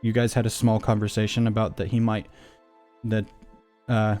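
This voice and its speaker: A man's voice: fairly low pitch, level tone, normal speed, a little mellow, faint music behind. A man narrating as game master of a tabletop game, loose and rambling with many fillers.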